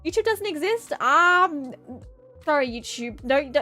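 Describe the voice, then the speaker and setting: Woman streamer, high and highly animated, giggly rambling live-stream chat. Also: a little slow, soft background music. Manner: rambling, giggly, playful tangents. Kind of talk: casual live-stream chat while drawing.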